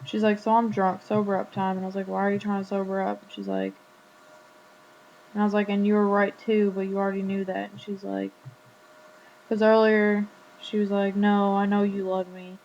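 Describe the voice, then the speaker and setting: A woman's voice: medium pitch, normal speed, a little mellow. A teenage girl casually retelling a conversation in a vlog, full of "like" and quoted back-and-forth. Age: teens. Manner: chatty, retelling a conversation with lots of "like". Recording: dull lo-fi webcam audio with faint hum.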